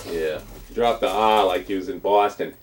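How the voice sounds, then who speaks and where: Low-voiced man thinking aloud over a game. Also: moderate pace. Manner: thinks aloud, swears, teasing. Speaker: board game player. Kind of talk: casual chat.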